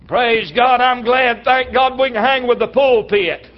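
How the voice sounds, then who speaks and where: High-voiced preacher guy, folksy sermon, acts out the bits, dull lo-fi church tape. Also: fairly even intonation, measured pace, hardly any pauses. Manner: folksy preacher, acts out dialogue, breaks into shouts. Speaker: traveling preacher. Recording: slightly dull lo-fi church recording.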